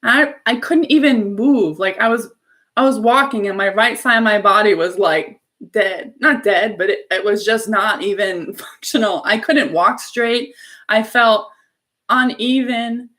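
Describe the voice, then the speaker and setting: A woman's voice: mid-range voice, measured pace, fairly bright tone. A woman hosting a live show, telling a story in an earnest, effusive, casual way. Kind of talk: casual spiritual live-stream talk.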